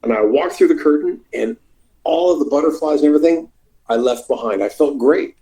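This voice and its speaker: A middle-aged man with a gravelly, mellow voice, telling stories from his days in the ring. He talks casually and gets animated, jumping into loud, high voices when he acts out what people said. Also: fairly quick, low-quality recording. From Canada. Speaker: interview guest, former wrestler. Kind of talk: casual storytelling.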